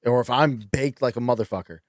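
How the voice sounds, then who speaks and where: Fast-talking, excitable podcast co-host. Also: male voice, medium pitch, no room sound, clean studio sound. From New York. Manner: fast, excitable, profane, teasing. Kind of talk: casual podcast banter.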